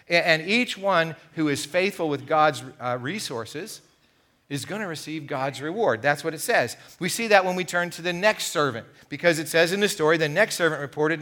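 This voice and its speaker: A middle-aged man preaching a sermon as pastor, telling a parable with animated delivery and acting out the characters' lines. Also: on the high side. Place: church sanctuary.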